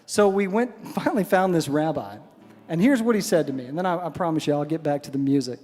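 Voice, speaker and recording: A man's voice: fairly high pitch, darkish tone. Wry man telling stories on stage. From Texas. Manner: wry, self-deprecating, conversational. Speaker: singer-songwriter performer. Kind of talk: onstage storytelling between songs. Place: large synagogue sanctuary. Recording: hall reverb with faint music.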